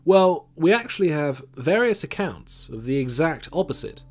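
A man giving scripted documentary narration on history, measured and reading quotations aloud, with faint music behind him. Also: a little high, very animated.

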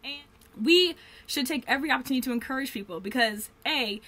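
A woman's voice: high voice, animated, fast, fairly bright tone. A young adult woman talking earnestly in a faith-based vlog, heartfelt and rambling with lots of fillers. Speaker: vlogger.

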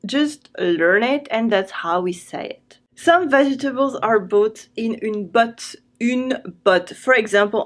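A woman with a French accent and a fairly high voice gives a vocabulary lesson. She explains clearly and patiently. She repeats each word slowly, as if for students to repeat after her. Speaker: French teacher.

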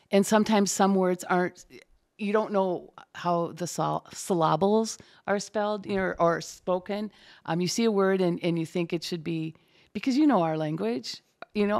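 A woman who works as a closed captioner is a guest in an interview, talking casually and animatedly as a chatty storyteller. Her voice is medium-pitched and creaky.

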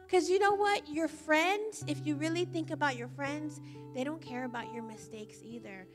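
A woman's voice: high voice, normal speed, over music. A woman giving a casual, chatty sermon at a church service, telling stories and often saying "like.". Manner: chatty storytelling, frequent "like". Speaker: church leader.

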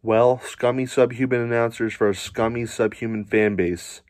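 A man's voice: medium pitch, steady tone, normal speed, darkish tone, no room sound, studio quality. A man ranting angrily as a sports fan, furious, swearing and insulting. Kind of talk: angry profane rant.

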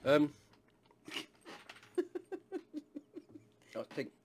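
A man's voice: extremely slow, a little mellow, a little hiss or hum. A man from England casually reviewing a hot sauce, rambling with lots of fillers and asides.

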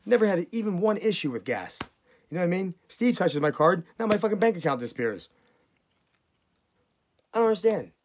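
A man's voice: high voice, very animated, fast, a little hiss or hum. A man ranting to camera about being wronged. He swears constantly and his voice keeps jumping up in outrage. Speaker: vlogger. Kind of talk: angry profane rant to camera.

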